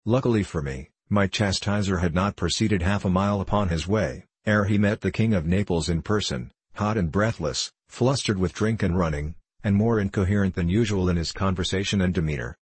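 A man narrating a classic novel in a measured literary reading. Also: deep voice, husky, no room sound. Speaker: audiobook narrator. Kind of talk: scripted narration.

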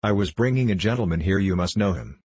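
A man reading the part of a breathless, panicked cab driver in an audiobook, with a low, husky voice. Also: fast, darkish tone, dry recording. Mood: urgent. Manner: urgent, breathless.

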